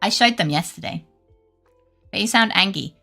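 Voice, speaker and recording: A woman's voice: mid-range voice, lively intonation, moderate pace, gravelly, pushed and bright, faint music behind. A British woman streaming live, chatting with viewers in a rambling, sweary, self-deprecating way and laughing often. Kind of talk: casual chat with live viewers.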